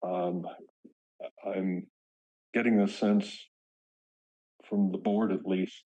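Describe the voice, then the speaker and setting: A man with a slightly low, husky voice chairs a public board meeting. He speaks slowly and haltingly, restarting his sentences and filling gaps with ums, and the recording has a dull, lo-fi sound. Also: steady tone, mellow. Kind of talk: formal meeting discussion.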